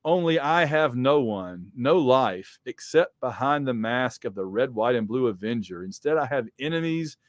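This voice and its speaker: A man's voice: mid-range voice, animated, moderate pace, hardly any pauses, no echo, lightly acted. A man voicing an earnest, solemn patriotic superhero from a comic book. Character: Captain America, earnest patriotic hero, lonely.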